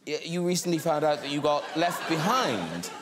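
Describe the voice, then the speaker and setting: A man's voice: on the high side, very animated, moderate pace, background noise. A man hosting a TV chat show, prompting his guests with teasing questions. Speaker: talk show host.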